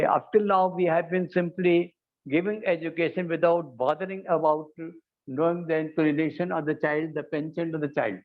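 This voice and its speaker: A man giving a formal conference speech, halting and self-correcting, often saying "you see". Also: fairly high pitch. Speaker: conference speaker. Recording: tinny phone-like sound.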